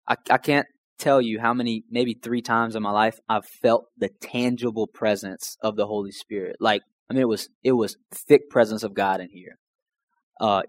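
In this casual personal story, a young Louisiana man recounts his faith testimony, emotional and rambling, constantly saying "man" and "like." His voice is mid-range and a bit bright, with no echo.

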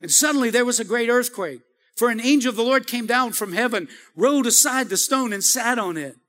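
Male pastor, very high pitch, long reverb of a church hall, call-and-response preaching. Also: lively intonation, fairly quick, fairly bright tone. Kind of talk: sermon. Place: church sanctuary.

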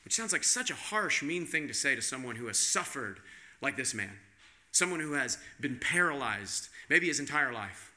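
A man's voice: mid-range voice, sing-song, normal speed, bright, forceful tone. A male pastor giving a conversational sermon, posing rhetorical questions to the congregation.

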